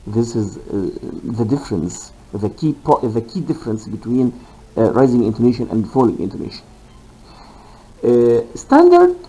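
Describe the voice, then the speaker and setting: Slow, lively-pitched male teacher. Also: poor audio. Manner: deliberate, repeats key phrases, fillers. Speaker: linguistics teacher. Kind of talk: recorded lecture.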